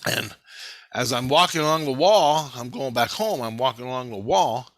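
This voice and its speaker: Man, casual vlog storytelling, rambling, repeats phrases, bright forceful tone, dry close sound. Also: mid-range voice, animated, normal speed, dry recording. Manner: rambling, repeats himself, swears freely. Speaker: video blogger. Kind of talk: casual dream retelling to camera.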